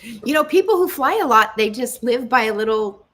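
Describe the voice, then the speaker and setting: A woman's voice: fairly high pitch, expressive, moderate pace, a bit bright. A woman co-hosting a casual chat who starts her questions over and laughs easily. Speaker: co-host.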